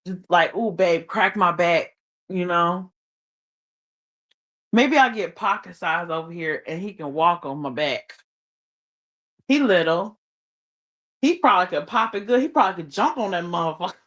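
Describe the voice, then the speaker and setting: A woman's voice: on the low side, expressive, normal speed, long pauses, a bit bright. Chatty slangy woman livestreaming from bed. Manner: chatty, slangy, laughs often. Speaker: livestreamer reading chat. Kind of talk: casual live-stream chat. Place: her bed under blankets. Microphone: phone.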